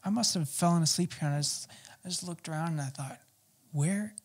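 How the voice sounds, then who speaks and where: A man telling his personal testimony as an interview guest, talking haltingly with many fillers and restarts. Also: a little high, husky.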